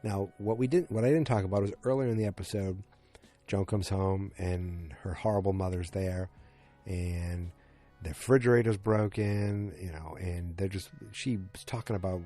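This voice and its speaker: Man, podcast host, husky, mellow, rambling recap. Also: low voice, fairly even intonation, moderate pace, soft background music. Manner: rambling, acts out quotes with filler words. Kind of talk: casual episode recap.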